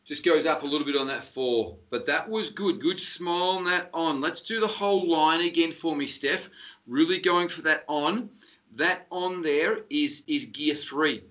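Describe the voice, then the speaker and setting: A man's voice: on the high side, normal speed, fairly bright tone. A man teaching singing over a video call, explaining step by step and giving short praise. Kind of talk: online singing lesson coaching. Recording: dull distant video-call audio.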